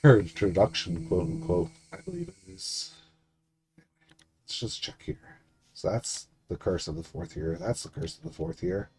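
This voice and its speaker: A man's voice: fairly low pitch, sing-song, moderate pace, gravelly, few pauses, darkish tone, rough recording. A man streaming a game, muttering casual commentary to himself.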